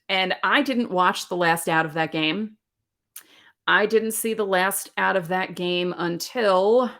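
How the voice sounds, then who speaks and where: A woman in her forties hosting a podcast alone, telling sports memories in an animated, candid way. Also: fairly low pitch. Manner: animated, candid storytelling with laughs. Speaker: podcast host. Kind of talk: casual solo podcast talk.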